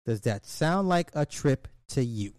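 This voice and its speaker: A man's voice: medium pitch, lively intonation, a little slow, darkish tone, dry recording, clean studio sound. Blunt profane man ranting. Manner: blunt, profane, repeats lines for emphasis. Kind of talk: casual commentary rant.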